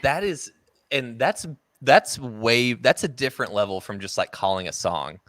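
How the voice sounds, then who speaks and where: A man's voice: mid-range voice, animated, moderate pace, fairly bright tone, no room sound, studio quality. A man hosting a podcast in casual chat, easygoing and playful, laughing along with his guest. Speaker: podcast host.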